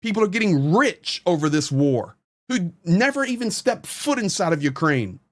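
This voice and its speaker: A man's voice: high-pitched, big pitch swings, normal speed. A man hosting his own channel, giving blunt, frustrated, impassioned commentary straight to the camera. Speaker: host, volunteer supporter.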